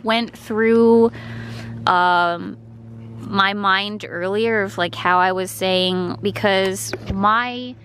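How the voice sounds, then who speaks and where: A woman's voice: mid-range voice, fairly even intonation, very slow, a bit bright, a little hiss or hum. A young woman vlogging outdoors, emotional and tearful, talking in a stammering, amazed way. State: tearful, crying. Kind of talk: casual chat. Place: outdoors in a garden.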